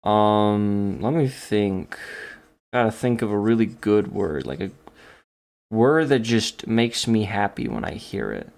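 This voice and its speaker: Giggly man with a lively voice. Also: fairly low pitch, slow, creaky. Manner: giggly, playful self-talk. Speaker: online artist. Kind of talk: casual talk while drawing.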